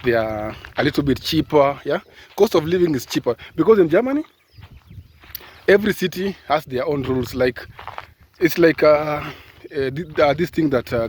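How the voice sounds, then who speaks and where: A man from Kenya talking casually on a vlog, rambling with lots of fillers and restarts as he gives advice, filmed outdoors on a phone held at arm's length. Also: medium pitch. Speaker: caregiver vlogger. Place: outdoors in sunshine. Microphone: phone camera at arm's length.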